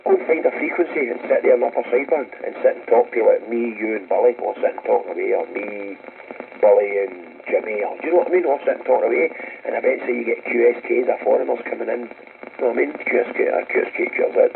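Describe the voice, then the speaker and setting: A man's voice: mid-range voice, fast talker, creaky. A Scottish man chatting over the radio, blunt and sweary as he hands out advice. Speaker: radio operator. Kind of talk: casual radio chat. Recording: tinny radio transmission with faint hiss.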